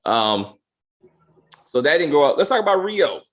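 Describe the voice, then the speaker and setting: Animated man riffing on a TV episode. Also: on the high side, moderate pace. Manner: animated, laughing, acts out characters' lines in voices. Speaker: show host. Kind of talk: casual TV episode review chat.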